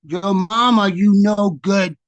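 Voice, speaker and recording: A man's voice: on the high side, expressive, takes it slowly, slightly rough, highs cut off, exaggerated voice. A man voicing a cheeky young boy, the poet's inner child, who talks back in a taunting, street-smart way. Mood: insulting.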